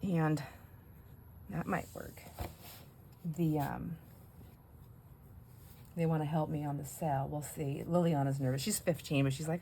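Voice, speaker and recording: This middle-aged crafting channel host talks at a moderate pace in a low, steady voice, pausing often, with a little hiss or hum in the background. She rambles cheerfully through funny family stories as she works, laughing often and copying other people's voices.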